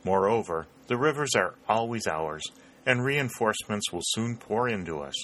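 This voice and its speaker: A thoughtful young soldier lays out his view in a calm, low voice, as a male narrator reads him. The tone is steady and bright. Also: normal speed, slight background noise.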